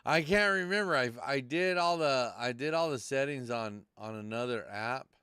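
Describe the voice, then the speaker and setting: A man's voice: mid-range voice, normal speed, pushed and bright, smooth, dry recording, studio quality. A man hosting a live podcast stream, talking loosely and cursing as he rambles through tech troubles. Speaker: podcast host. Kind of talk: casual live-stream chat.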